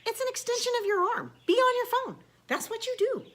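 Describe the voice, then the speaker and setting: A woman's voice: extremely high pitch, a little fast, fairly bright tone. A woman teacher, ranting casually in a blunt, sarcastic way and swearing now and then.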